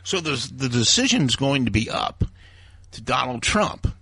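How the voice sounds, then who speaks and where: Man, talk radio host, ranting, bright husky voice, swooping pitch. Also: sing-song, measured pace, dry recording. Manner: ranting, heated, acts out quoted voices. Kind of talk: opinionated talk radio monologue.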